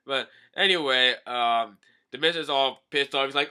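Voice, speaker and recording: A young man hosting a casual manga recap, talking loosely and jumping into high shouted voices for the characters. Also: normal speed, smooth. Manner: animated, jumps into loud high-pitched shouted character voices. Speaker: manga review host.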